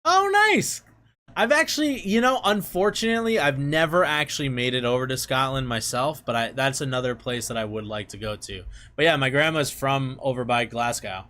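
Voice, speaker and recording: A man's voice: mid-range voice, a little fast, hardly any pauses, pushed and bright. A man chatting casually with viewers, laughing often. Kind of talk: casual chat.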